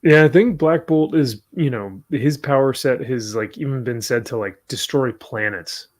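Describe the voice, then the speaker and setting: A man's voice: medium pitch, moderate pace. A man with an ordinary, mid-range voice guests on a casual podcast. He rambles in a loose, laid-back way, full of filler words.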